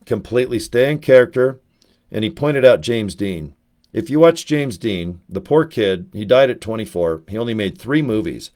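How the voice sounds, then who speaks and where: A man talking casually to camera, telling rambling, animated anecdotes as a network marketer. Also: medium pitch, moderate pace.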